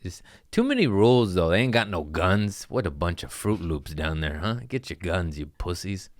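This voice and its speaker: A man's voice: deep voice, sing-song, normal speed, no echo, clean studio sound. A man hosting a comedy podcast, rambling through crude, jokey stories in a casual monologue.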